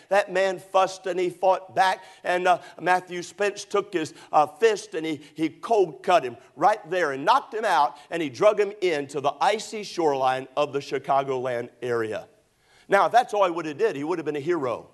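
A man preaching a sermon, telling a story dramatically and rising to shouts at the climaxes. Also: fairly high pitch.

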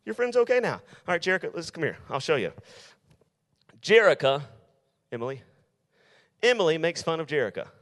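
A man's voice: on the high side, very animated, fairly quick, long pauses, fairly bright tone, big-room sound. A male youth pastor preaching to teenagers in an emphatic style, repeating his key lines. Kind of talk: sermon.

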